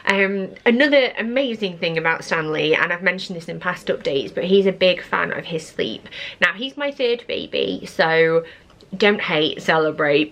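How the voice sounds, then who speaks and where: A woman's voice: lowish voice, fairly bright tone. A young woman, a mum of three, chatting casually to camera in a gushing, chatty way, sometimes slipping into sing-song baby talk. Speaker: parenting vlogger, mum of three.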